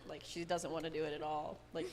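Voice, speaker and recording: A woman's voice: low voice, flat delivery, quick pace, a little mellow, a little hiss or hum. A woman co-hosting a podcast in casual chat, with dry teasing remarks. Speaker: podcast co-host.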